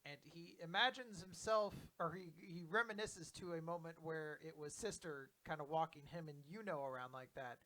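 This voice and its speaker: A man's voice: on the high side, normal speed, hardly any pauses, sharp tone. A man co-hosting a casual podcast, recapping comic chapters in a loose, joking way and swearing freely. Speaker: podcast co-host.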